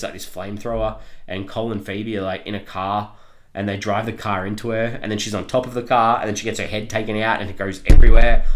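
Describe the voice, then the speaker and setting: A man co-hosting a podcast, reviewing a film in casual chat, rambling with lots of ums and frequent laughter. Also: on the low side. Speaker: podcast co-host reviewing films.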